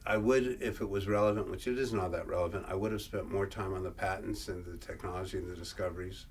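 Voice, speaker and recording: A man presenting a workshop, reading old verse aloud and explaining it in a halting way, often repeating and restarting words. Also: sits low, fairly even intonation. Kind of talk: lecture reading and explaining scripture. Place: workshop room. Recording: distant mic, faint room noise.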